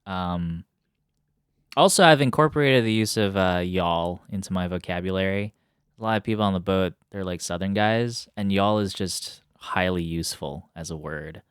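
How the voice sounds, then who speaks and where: A man with an East Coast American accent, co-hosting a casual movie podcast, talking in an animated way and jumping up in pitch when he gets excited. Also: moderate pace, clean tone, no echo, clean studio sound. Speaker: podcast co-host. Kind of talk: casual chat.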